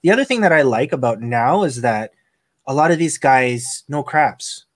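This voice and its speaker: A man hosting a casual podcast, telling work stories with lively acted-out quotes. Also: medium pitch, moderate pace, no echo, clean studio sound. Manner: animated storyteller acting out quoted lines. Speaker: podcast host, casino dealer.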